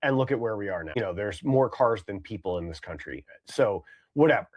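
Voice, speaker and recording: A man's voice: lowish voice, expressive, brisk, darkish tone. A man co-hosting a podcast, talking casually with lots of fillers and restarts. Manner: rambling, many fillers and restarts. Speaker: podcast co-host.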